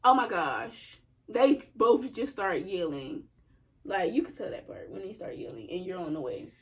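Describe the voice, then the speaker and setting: A young woman co-hosting a vlog, telling a family story in an animated, joking, slangy way. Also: lowish voice, normal speed. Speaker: vlog co-host. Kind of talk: casual storytime chat.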